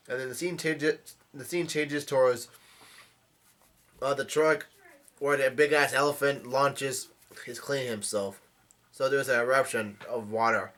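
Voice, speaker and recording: Man, bright forceful voice, casual halting comic recap. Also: medium pitch, steady tone. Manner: halting, with frequent restarts while retelling scenes. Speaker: manga chapter reviewer.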